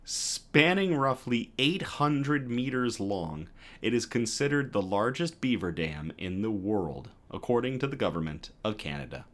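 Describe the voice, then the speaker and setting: A man hosting a news livestream, reading stories aloud and chatting with viewers between them in a lively, self-correcting way. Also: lowish voice, slow pace. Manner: lively, reads chat comments aloud and self-corrects with a laugh. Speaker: news show host.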